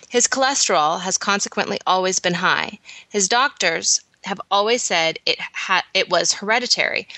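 A woman's voice: mid-range voice, bright, forceful tone, no room sound. A woman from Canada co-hosting a casual podcast, laughing easily and reading a listener's letter aloud. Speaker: podcast co-host.

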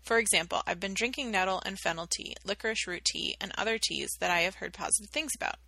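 Gravelly-voiced chatty woman co-host. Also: medium pitch, fast talker, dry recording, low-quality recording. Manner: chatty and animated, reads listener questions. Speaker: podcast co-host. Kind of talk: casual health podcast chat.

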